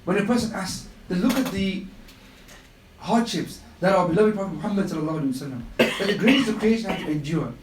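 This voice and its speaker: A man's voice: sits high, lively intonation, quick pace, reverberant, far from the mic, slight background noise, low-quality recording. A man giving a live religious talk on the radio, telling stories with passion and emphatic repetition. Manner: impassioned storytelling with emphatic repetition. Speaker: Islamic speaker on a radio show.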